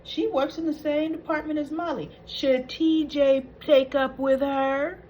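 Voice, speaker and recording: A woman's voice: high voice, steady tone, unhurried, a little mellow, slight background noise, low-quality recording. A woman hosting a soap opera recap, retelling scenes in a chatty, opinionated way.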